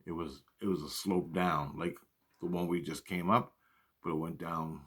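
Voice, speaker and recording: A man's voice: sits low, steady tone, moderate pace, fairly bright tone, breathy edge. A man telling a personal story in a casual, rambling way, with lots of swearing and repeated phrases. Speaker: storyteller recounting personal experiences.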